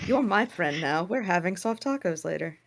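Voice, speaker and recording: A woman's voice: fairly low pitch, animated, moderate pace. A woman game master chatting casually with players, laughing often and swearing freely. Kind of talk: casual chat after a tabletop game.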